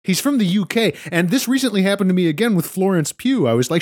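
A woman co-hosting a podcast in casual chat, expressive and quick to react. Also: no echo, studio quality. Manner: expressive, swings widely in pitch.

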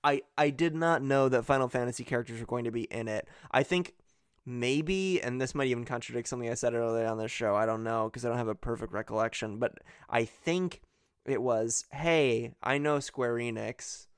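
Smooth-voiced man chatting casually. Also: mid-range voice, fairly quick, dry recording, studio quality. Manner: hesitant, restarts often, laughs easily. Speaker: podcast co-host. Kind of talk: casual game-recap chat.

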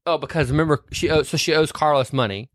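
A man's voice: a little high, fast talker, dry recording, clean studio sound. A man co-hosting a podcast, retelling a film in casual chat and acting out quotes in different voices. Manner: animated, acts out quotes with voice changes. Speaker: podcast co-host.

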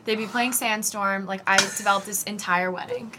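A woman's voice: medium pitch, steady tone, normal speed, background noise. A young adult woman co-hosting a podcast, dropping dry, teasing one-liners into a casual chat. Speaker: podcast co-host.

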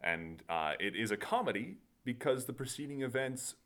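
A man's voice: mid-range voice, expressive, normal speed, a bit bright. Guy on a podcast rambling about movies, lots of uh and like, laughs a lot. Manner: rambling, laughing storyteller with many fillers. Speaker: podcast co-host. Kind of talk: casual chat.

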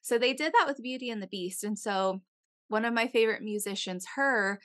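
A young woman co-hosts a podcast in a slightly high voice at a fairly quick pace. Chatty and swearing freely, she tells a long, casual story full of "like."

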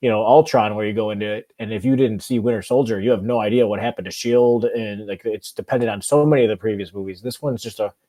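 A man's voice: fairly low pitch, fairly even intonation, fast talker, hardly any pauses, mellow. A man in his thirties co-hosting a movie podcast, rambling in casual chat with many ums. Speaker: podcast co-host.

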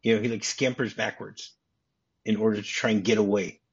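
A man's voice: on the low side, steady tone, a little fast, husky. A man hosting a podcast, casually recapping a movie scene, chuckling often and restarting his words. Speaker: podcast host. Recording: slightly muffled lo-fi recording.

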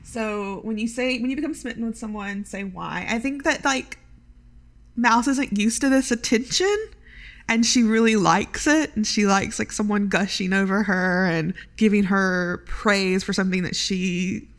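A woman's voice: mid-range voice, steady tone, measured pace. A young woman playing a tabletop role-playing game, chatty and giggly with lots of fillers. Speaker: player. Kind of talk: tabletop role-play, casual.

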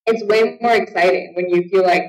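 A woman's voice: medium pitch, steady tone, a little fast, darkish tone. A woman talking as a guest in a casual interview over a video call, filling her talk with "like". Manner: chatty, heavy use of filler "like". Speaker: guest, Muay Thai fighter. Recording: roomy, distant, dull call audio.

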